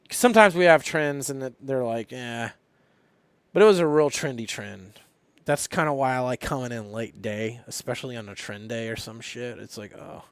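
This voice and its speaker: A man's voice: fairly high pitch, a bit bright, clear, resonant tone, no echo. A young man live streaming about trading, talking casually and rambling with lots of swearing and fillers. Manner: profane, rambling, frequent fillers.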